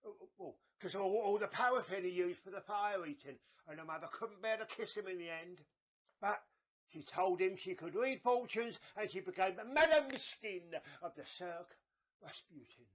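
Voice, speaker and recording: A man's voice: high-pitched, moderate pace, close to an everyday voice. A man playing a chatty, scheming old woman fortune teller, rambling and stammering theatrically. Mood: gossipy. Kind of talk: comedy sketch acting.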